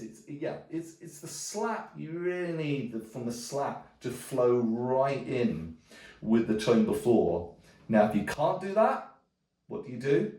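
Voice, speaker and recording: A man teaching djembe in a relaxed, casual way, thinking aloud with frequent restarts. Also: mid-range voice. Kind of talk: casual music lesson. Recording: roomy sound from a distance, drumming around speech. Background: djembe drumming.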